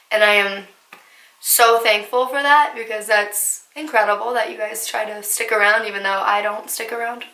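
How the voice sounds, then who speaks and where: A young woman from New Jersey telling a casual storytime vlog in a chatty, animated way with lots of fillers. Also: on the high side. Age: young adult. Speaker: vlogger. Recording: echoey room.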